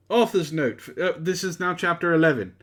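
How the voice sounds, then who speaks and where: A man's voice: a little high, a bit bright. A man reading a story aloud for laughs, with sarcastic asides between lines. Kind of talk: mocking comedic dramatic reading.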